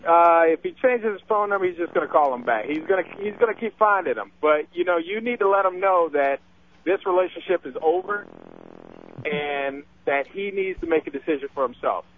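A man's voice: a little high, animated, a little fast, slight background noise. A man calling in to a radio show, giving firm, earnest advice. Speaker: caller. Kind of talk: call-in advice. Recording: tinny phone line on radio.

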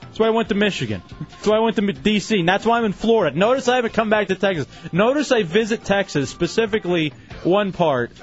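A man's voice: high voice, expressive, fast, muffled recording, soft background music. A man hosting a radio show in casual banter, telling stories with self-mocking asides.

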